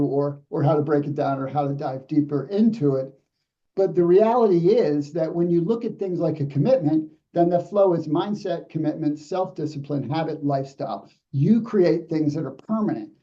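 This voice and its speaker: Fast-talking man with a dark, distant sound. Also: on the high side, highs cut off. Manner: fast, emphatic, repetitive phrasing. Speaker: podcast host. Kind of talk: motivational podcast talk.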